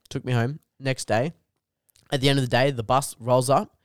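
Medium-pitched and brisk, this young Australian man's voice comes through clean, echo-free and studio quality. As a comedian guest on a podcast, he rambles through a sweary tale, animated, dropping "dude" nonstop and laughing at his own story.

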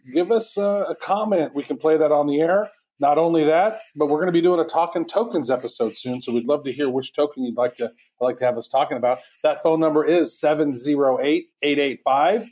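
A man's voice: fairly high pitch, a little fast, few pauses, darkish tone, breathy edge. A man co-hosting a podcast, talking in a chatty, rambling way with many restarts. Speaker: podcast co-host. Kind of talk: casual podcast chat.

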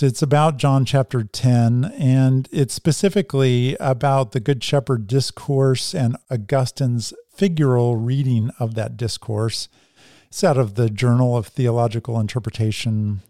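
Mellow-voiced man teaching scripture. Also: mid-range voice, no room sound, studio quality. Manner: conversational lecturing, reads quotes aloud. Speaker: Bible teacher.

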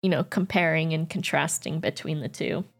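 A woman's voice: low-pitched, creaky. A woman co-hosting a podcast, chatting casually and encouraging her partner. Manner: encouraging, quick to agree. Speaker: podcast co-host. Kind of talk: casual chat. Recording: faint music behind.

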